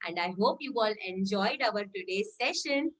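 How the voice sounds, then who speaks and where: A woman's voice: medium pitch, animated, moderate pace, a bit bright. A woman kindergarten teacher giving an online lesson to young children, coaxing and cheering in a sing-song, exclamatory way.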